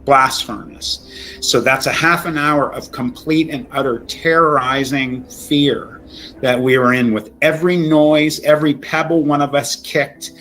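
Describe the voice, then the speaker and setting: Middle-aged male guest, emotional and halting, retelling a terrifying true event with many restarts. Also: mid-range voice, steady tone, fairly bright tone, faint music behind, poor audio. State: shaken, near tears. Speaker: storytelling guest. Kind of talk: recounting a true scary story.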